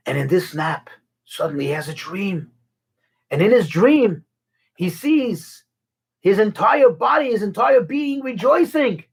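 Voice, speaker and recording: A male teacher telling a fable to his class in an animated, dramatic way. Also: sits high, measured pace, creaky, slightly rough. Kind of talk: storytelling lesson.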